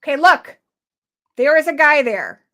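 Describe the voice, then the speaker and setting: Excitable American woman host, bright tone, swinging pitch, teasing banter. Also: unhurried. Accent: General American. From United States. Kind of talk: casual live reaction chat.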